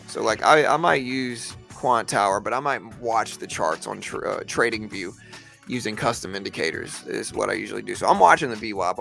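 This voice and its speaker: A man's voice: fairly low pitch, creaky, a bit bright. A man hosting a trading live stream from home, talking in a rambling, casual way full of fillers like "man" and "like".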